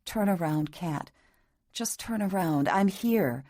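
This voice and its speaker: A tender young husband pleading softly in a throaty, anguished voice, as a woman narrator reads him. He stays gentle and hushed throughout this romance audiobook. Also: fairly low pitch, animated, slow pace, dry recording, studio quality.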